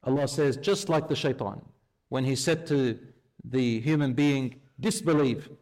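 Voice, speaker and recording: A man preaching a sermon, telling a story and acting out its dialogue in lively, conversational speech. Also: medium pitch, measured pace.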